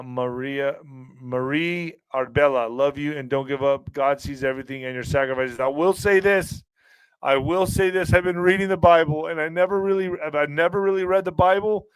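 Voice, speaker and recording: A man's voice: a little high, smooth, no echo, low-quality recording. A middle-aged man hosting a livestream, chatting casually and reading viewer comments. He sounds emotionally strained and weary, talking in an earnest, rambling way with many restarts. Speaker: livestream podcast host.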